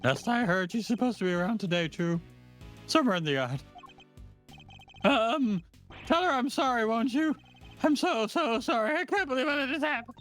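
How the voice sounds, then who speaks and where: A performer voicing a gentle, timid young man who speaks meekly and apologetically in a fan dub of a game. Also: medium pitch, animated, normal speed, pauses often, soft background music, lightly acted. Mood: apologetic. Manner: meek, apologetic, hesitant.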